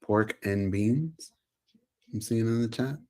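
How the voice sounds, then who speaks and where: A man's voice: on the low side, slow, warm tone. A man co-hosting a live fight watch-along, making brief laid-back remarks. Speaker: co-host.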